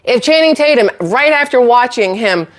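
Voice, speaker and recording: A woman's voice: on the high side, expressive, normal speed. A woman hosting her own channel, ranting to camera in a blunt, sarcastic, incredulous way with exasperated laughs. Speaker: channel host.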